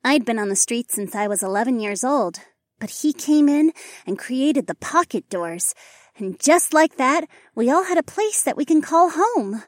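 A cheerful young woman gardener, played by a male narrator, high and bouncy, eager and grateful in tone. The recording is dry and close. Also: big pitch swings, moderate pace, dry recording.

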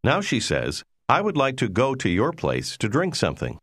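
A man giving scripted instructions in a language course, prompting the listener in a clear, measured way. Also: mid-range voice, huge pitch swings, a bit bright, dry recording, clean studio sound.

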